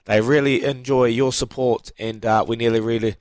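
A man's voice: mid-range voice, steady tone, normal speed, a little mellow, no room sound. Man, New Zealand accent, radio host, casual storytelling, dry studio sound. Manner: laid-back storytelling, slangy. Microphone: studio microphone.

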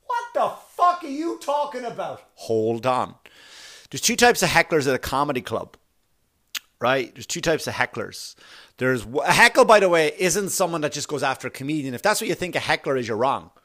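Brief: a man in the middle pitch range hosting a podcast, ranting bluntly with plenty of swearing. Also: animated, fairly quick, fairly bright tone. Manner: blunt, profane, opinionated ranting. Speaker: podcast host. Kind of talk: casual podcast monologue.

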